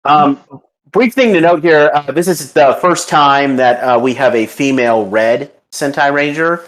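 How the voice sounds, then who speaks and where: A man's voice: fairly high pitch, a little slow, fairly bright tone. A man hosting a casual podcast review, rambling and enthusiastic with many fillers and restarts. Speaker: podcast host.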